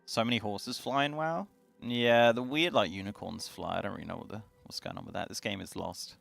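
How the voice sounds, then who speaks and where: A man's voice: on the low side, fairly even intonation, brisk, vocal fry, fairly bright tone, faint music behind. A man co-hosting a stream, chatting casually and teasing with a joking manner. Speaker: stream co-host. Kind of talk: casual chat. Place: streaming studio.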